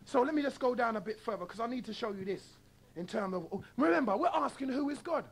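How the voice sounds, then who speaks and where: A man's voice: extremely high pitch, lively intonation, fast talker, husky. A man hosting a radio talk show, delivering a combative monologue full of rhetorical questions and blunt mockery. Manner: mocking, blunt.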